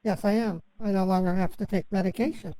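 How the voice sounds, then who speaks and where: A woman on a phone call, rambling through a long story and halting often, stammering and restarting her sentences with many fillers. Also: mid-range voice, fairly even intonation, a crowd in the background. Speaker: scambaiter posing as a victim.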